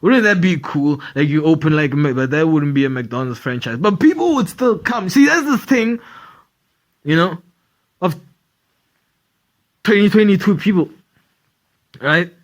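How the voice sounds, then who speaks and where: Man, podcast host, rambling casual chat, swears a lot, heavy fillers, higher voice. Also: sing-song, unhurried, long pauses.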